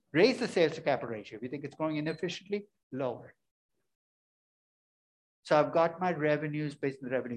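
A man giving a classroom lecture, emphatic and conversational, often asking questions and answering them himself. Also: fairly high pitch. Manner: emphatic, asks and answers his own questions. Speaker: finance lecturer.

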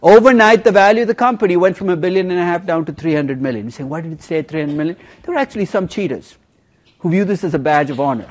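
A man teaching a university finance class, emphatic and lively, teasing students with questions. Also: high voice, quick pace. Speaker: finance professor. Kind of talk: university lecture.

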